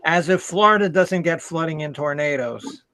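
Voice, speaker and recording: A man's voice: fairly high pitch, moderate pace, sharp tone, no echo. A man chatting casually on a live stream, rambling and often restarting his sentences.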